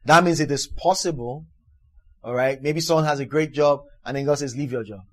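A man delivers a sermon, moving between reading scripture and explaining it. His voice sits on the higher side for a man. He presses his points hard, repeats words, and builds to loud exclamations. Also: a little fast. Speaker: preacher.

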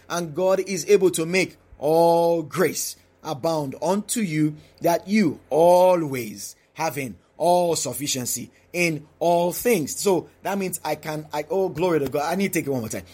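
A man preaching a daily devotional, emphatic and repetitive, often asking the listener questions. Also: fairly high pitch.

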